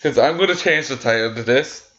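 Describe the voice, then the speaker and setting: A young man reacting to stories he reads aloud, heated and full of swearing. He trips over his words and starts sentences again. His voice sits at a middling pitch and comes through a slightly muffled, lo-fi mic. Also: fairly quick, fairly bright tone. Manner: heated, swearing, stumbling restarts. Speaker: vlogger reading stories. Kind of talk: casual reaction rant.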